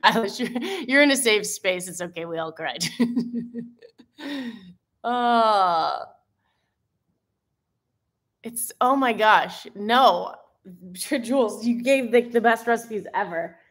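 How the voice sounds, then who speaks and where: Woman, live-stream host, emotional and effusive, quick laughs, slightly high voice. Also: lively intonation, a bit bright. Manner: gushing, exclaims often, laughs between lines. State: teary, emotional. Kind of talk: casual live-stream chat.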